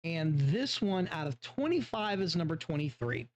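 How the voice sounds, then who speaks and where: A man's voice: a little high, big pitch swings, normal speed, slight background noise. A man reviewing beer who tells a long personal story casually, rambling and swearing, often restarting his sentences. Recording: dull lo-fi sound.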